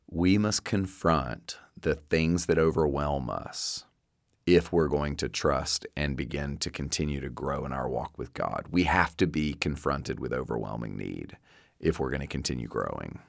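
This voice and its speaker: A very deep-voiced man with a drawl preaching a sermon. He speaks earnestly and conversationally and often restarts his phrases. The sound is dry and close, with no room echo. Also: gravelly. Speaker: pastor.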